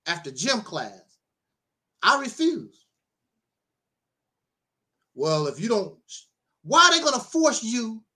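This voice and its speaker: A man's voice: sits high, pushed and bright. A man preaching in a livestream monologue, talking emphatically, laughing often and repeating himself. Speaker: self-styled minister.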